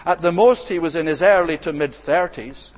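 A man preaching an expository sermon, measured and earnest, slowing down to dwell on quoted scripture. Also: on the high side, in a large hall.

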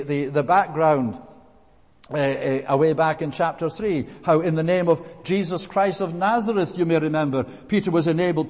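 A man preaching a sermon, emphatic, repeating phrases and slowing down to stress key words. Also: fairly high pitch, darkish tone. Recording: long reverb of a large hall.

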